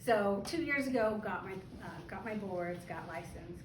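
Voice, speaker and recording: A woman's voice: mid-range voice, lively intonation, moderate pace, noisy background. Chatty woman telling a story in a room. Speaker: spa owner and esthetician. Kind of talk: informal speech to a small gathering. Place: room at an open house party. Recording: echoey room from far off, background chatter.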